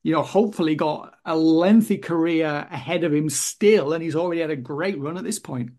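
A man co-hosting a casual podcast. His voice sits a little on the high side, and he talks in a blunt way with exasperated asides. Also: fairly quick, a little mellow. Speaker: podcast co-host. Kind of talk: casual chat.

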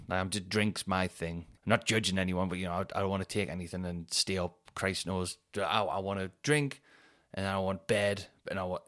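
A man spinning a loose, rambling anecdote on a podcast. His voice sits fairly low, and he stumbles into restarts while slipping into the voices of the people he quotes. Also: a bit bright. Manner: rambling storyteller, quick restarts, acts out quotes. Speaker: podcast host. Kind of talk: casual anecdote telling.

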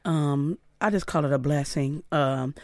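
A woman's voice: measured pace, dry recording. A middle-aged woman from Inglewood, California, a guest in a radio studio, telling stories animatedly and acting out the voices in them. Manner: lively, acts out quoted dialogue with big pitch jumps. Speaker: guest, celebrity hairstylist. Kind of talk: animated storytelling interview.

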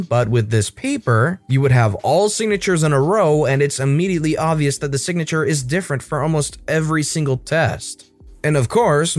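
A man reading online stories aloud, narrating in an expressive, animated storytelling manner. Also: on the high side, no room sound.

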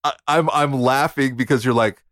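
A man's voice: mid-range voice, moderate pace, fairly bright tone, dry recording, clean studio sound. A man hosting a casual podcast chat, playful and teasing, with self-deprecating jokes. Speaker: podcast host.

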